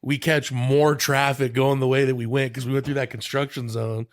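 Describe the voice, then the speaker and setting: A man's voice: medium pitch, flat delivery, normal speed, dry recording, studio quality. A young man rambling through stories as a podcast co-host, swearing and laughing often. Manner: rambling, profane, laughing storyteller. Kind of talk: casual chat.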